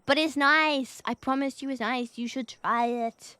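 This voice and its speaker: A bubbly young woman with a slightly high voice, chatting loosely to her viewers on a live stream. She laughs a lot, swears casually and thanks people as they donate. Her voice sounds dry and close, with no room around it. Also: fairly even intonation, unhurried, sharp tone, smooth, no room sound. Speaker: VTuber streamer.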